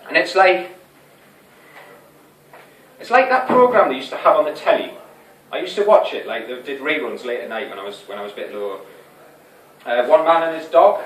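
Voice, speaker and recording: A man's voice: fairly high pitch, a bit bright. An actor playing an anxious, lovesick young man, rambling and hesitant, with many restarts, in a stage monologue. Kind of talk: theatre monologue. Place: small fringe theatre venue. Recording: echoey room, distant mic, faint hiss.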